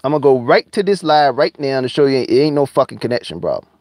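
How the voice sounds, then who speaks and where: A man's voice: medium pitch, very animated, darkish tone, no echo. Guy going off on a live stream, swears a lot, angry and repetitive, dead dry sound, no room to it. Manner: heated, profane, repetitive, drawling slowdowns.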